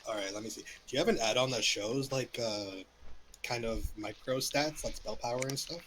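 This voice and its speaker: A man with an ordinary middle-pitched voice chats casually with a friend during a game. He sounds relaxed and laughs along easily, and a faint hiss runs under his voice. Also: moderate pace. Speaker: fellow player. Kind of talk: casual gameplay chat.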